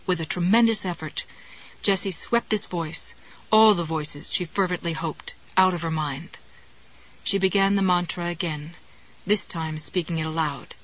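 A woman narrating a novel in a measured, wry storytelling manner. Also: lowish voice, poor audio. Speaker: audiobook narrator. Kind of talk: scripted narration.

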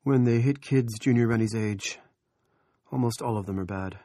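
A man voicing an urgent small-town doctor who gives brisk, commanding orders. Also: lowish voice, dark tone, dry recording, clean studio sound, natural voice. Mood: grave.

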